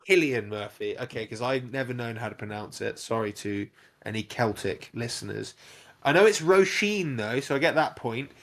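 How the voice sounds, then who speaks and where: A man's voice: mid-range voice, moderate pace, a bit bright. A young man, a podcast co-host, retelling a film in casual, sweary chat and acting out bits with little sound effects.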